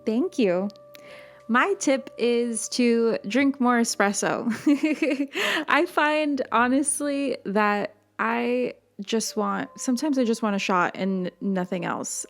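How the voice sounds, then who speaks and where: A woman's voice: fairly high pitch, slow, soft background music. A young woman from Miami hosting a casual podcast chat, talkative and laughing often, with many fillers. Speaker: podcast host.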